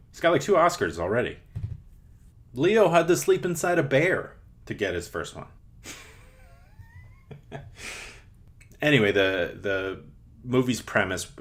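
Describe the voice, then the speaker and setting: Man, young, podcast host, casual chat, low-pitched, rambling restarts. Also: a bit bright. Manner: rambling, many restarts and fillers.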